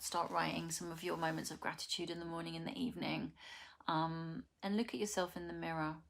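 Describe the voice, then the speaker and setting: Soft-spoken emotional English woman. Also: lowish voice. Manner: soft, emotional, with breathy whispered asides. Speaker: vlogger. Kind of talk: casual chat and poetry reading.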